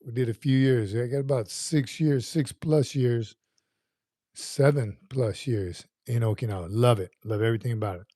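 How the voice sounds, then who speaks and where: Mellow-voiced man hosting a casual livestream. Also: medium pitch, normal speed, dry recording, studio quality. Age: 50s. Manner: rambling, repeats words, reads viewer comments aloud. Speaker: livestream host.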